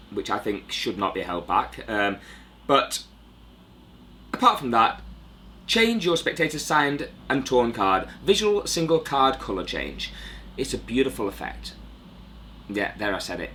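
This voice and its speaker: A man's voice: fairly low pitch, bright, forceful tone, slight background noise. A man giving a chatty, rambling review of a magic trick, with self-deprecating asides. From United Kingdom. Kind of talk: casual review monologue.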